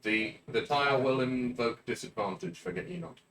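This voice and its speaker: A man's voice: medium pitch, normal speed, creaky, slight background noise. A man playing in a tabletop game, chatting casually and joking with the others. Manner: joking, swears freely, animated outbursts. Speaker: player.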